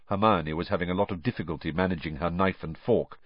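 A man narrating an audiobook in a steady, expressive reading. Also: low-pitched, quick pace, no room sound, dull audio.

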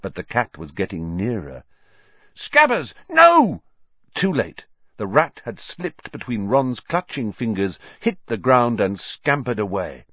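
A man narrating an audiobook in an expressive, dramatic storytelling manner. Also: lowish voice, unhurried, dry recording. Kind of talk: scripted narration. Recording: dry, slightly dull lo-fi audio.

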